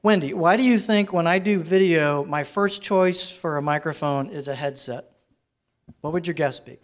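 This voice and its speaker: A man's voice: fairly high pitch, normal speed. Man teaching a live microphone workshop. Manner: relaxed, conversational, asks the audience questions. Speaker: presenter teaching microphone technique. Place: presentation room with a sound system. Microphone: handheld and headset microphones, switched during demo.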